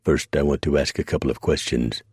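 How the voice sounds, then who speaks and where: A man's voice: a bass voice, a little fast, darkish tone, breathy edge, dry recording, studio quality, heavily acted. A man voicing a domineering, contemptuous Roman centurion with a Southern US accent and a menacing drawl.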